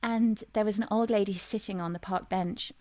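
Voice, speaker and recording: A woman guest on a radio interview show, telling a personal story in a reflective, searching way, with many pauses and restarts. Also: mid-range voice, steady tone, darkish tone.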